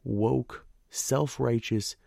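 A man's voice: mid-range voice, steady tone, drawn-out words, creaky, dark tone, no echo, clean studio sound. A man from the northern United States hosting a political podcast, delivering an emphatic, indignant monologue with sarcastic asides. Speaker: podcast host.

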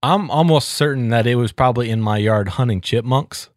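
A man's voice: mid-range voice, no room sound. Guy in his 30s telling a story on a podcast, mid voice, dry sound. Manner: chatty, quick to laugh. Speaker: podcast co-host. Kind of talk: casual chat.

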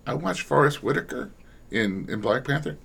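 A man who directs voice actors, talking reflectively in a relaxed panel discussion and often restarting his sentences. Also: medium pitch, moderate pace, creaky, breathy edge. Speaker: audio drama director.

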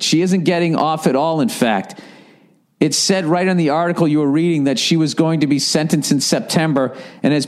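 A man hosting a solo comedy podcast, reading listener emails aloud and arguing back at them with heavy swearing and sarcasm. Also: fairly high pitch. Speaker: podcast host.

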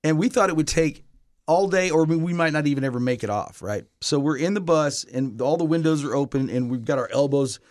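A man's voice: on the high side, animated, fairly quick, a little mellow, no echo, clean studio sound. A middle-aged man, a touring musician, telling a long story in casual chat, rambling with lots of fillers and restarts.

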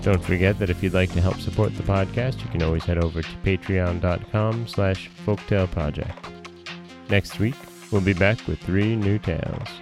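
A man hosting a podcast and reading a folktale in a calm, measured storytelling manner. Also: low voice, over music.

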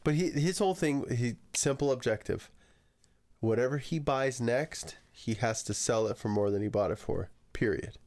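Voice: mid-range voice, normal speed, a little mellow. A podcast co-host in casual chat who tells stories and swears casually.

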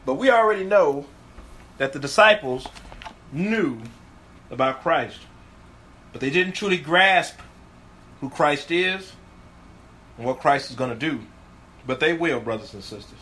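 A man's voice: on the high side, lively intonation, unhurried, long pauses, fairly bright tone, slight background noise. A man, a pastor, teaching a Bible passage in a video sermon, earnest and emphatic, often repeating his key phrases.

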